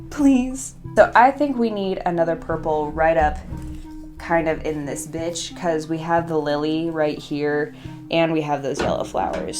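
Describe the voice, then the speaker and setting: A young woman chatting playfully to camera while arranging flowers at her home workstation, swearing casually and talking to herself. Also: sits low. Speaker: craft vlogger.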